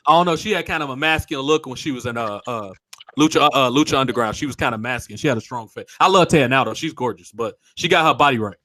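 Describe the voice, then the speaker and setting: A man's voice: medium pitch, fast, pushed and bright, no echo. A man hosting a casual wrestling talk show, speaking bluntly and swearing freely. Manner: blunt and profane. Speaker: podcast host.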